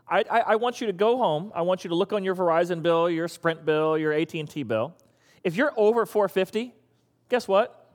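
High-voiced guy preaching, kinda teasing and exasperated, lots of hall echo. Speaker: pastor. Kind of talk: sermon.

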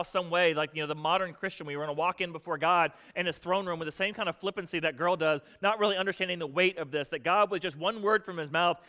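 A man preaching a sermon in a conversational way, with casual slang and rhetorical questions, dropping to a hushed low voice for solemn points. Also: big-room sound. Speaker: pastor.

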